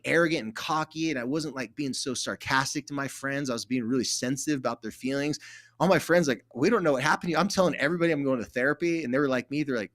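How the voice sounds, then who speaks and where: Animated storytelling man, somewhat high voice. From California. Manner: animated, acts out quoted dialogue. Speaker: therapist guest. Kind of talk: casual conversational storytelling.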